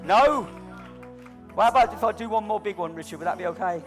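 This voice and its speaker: A man's voice: high-pitched, racing, faint music behind. A middle-aged man doing live stage comedy as a balloon performer, with cheeky, cajoling banter aimed at an audience volunteer.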